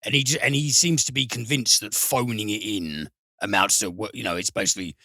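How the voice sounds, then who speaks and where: A man's voice: on the low side, a little fast, pushed and bright, dry recording. A man co-hosting a film podcast, blunt and sweary as he rants about actors. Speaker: podcast co-host. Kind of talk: casual film podcast chat.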